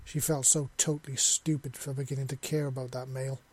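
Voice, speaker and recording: A man narrating a science fiction story in a steady, plain reading voice. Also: mid-range voice, a little fast.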